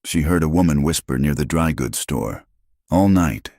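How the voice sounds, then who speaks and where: Narrating a frontier story from a script, a man speaks in an extremely low, deep, creaky voice, steady and measured throughout. There's no room echo at all, as the recording is dry and close.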